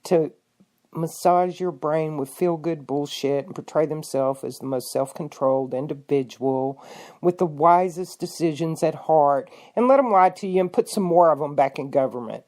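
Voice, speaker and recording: A woman hosting a radio podcast, delivering an angry political rant with rhetorical questions and cussing, swinging between loud outbursts and low muttering. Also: normal speed. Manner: fiery, indignant, swings between shouting and muttering. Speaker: podcast host.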